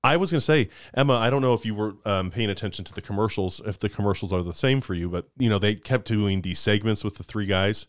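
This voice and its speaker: A man's voice: on the low side, fast talker, few pauses, no echo, clean studio sound. A man co-hosting a casual podcast chat, joking and laughing often. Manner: giggly, joking, puts on silly accents. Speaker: podcast co-host.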